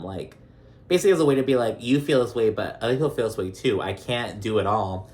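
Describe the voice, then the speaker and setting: A young man recapping reality television in a loose, chatty vlog, swearing freely as he goes. His voice sits at a middling pitch for a man. He keeps breaking into brief mocking imitations of the people he is describing. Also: a little fast. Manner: chatty and profane, slips into mocking voices of cast members.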